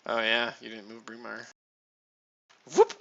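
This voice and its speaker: A man's voice: mid-range voice, completely flat delivery, unhurried, gravelly, sharp tone, dull audio. A man running a tabletop game as game master, teasing his players. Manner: teasing, laughs often.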